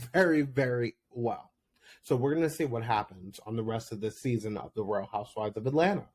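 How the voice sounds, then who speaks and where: A man hosting his own podcast, recapping reality TV episodes in a chatty, candid way, with quick laughs and sudden jumps up in pitch. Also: expressive, dark tone, breathy edge. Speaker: podcast host. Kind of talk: solo recap commentary.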